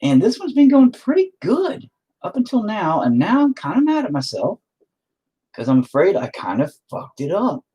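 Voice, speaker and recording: A man talking casually to himself while he paints, swearing constantly, self-critical, dropping into mutters and then flaring up loudly. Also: high-pitched, wildly swooping pitch, moderate pace, breathy edge, dull audio. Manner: drops into whispers and mutters, then flares up loudly. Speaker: painting streamer.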